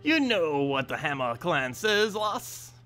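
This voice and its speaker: A man voicing a tough, stubborn female dwarf fighter in a rough, pirate-like brogue. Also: fairly high pitch, very animated, slow, sharp tone, faint music behind, voice pushed up, exaggerated voice. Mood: gruff. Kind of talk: game dialogue read aloud.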